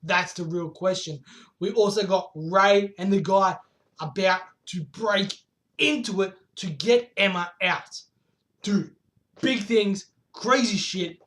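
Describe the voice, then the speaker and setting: Male vlogger, high-pitched, excitable, casual with rhetorical questions and light swearing. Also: takes it slowly. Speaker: manga chapter reviewer. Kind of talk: casual recap vlog.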